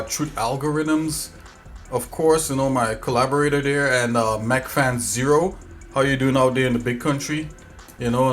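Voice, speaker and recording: Chill guy streaming his game dev work, rambly and easygoing, mid-range voice, quiet music in the back. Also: mid-range voice. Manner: easygoing, rambling, with many fillers. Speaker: livestream host and game developer. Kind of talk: casual livestream chat.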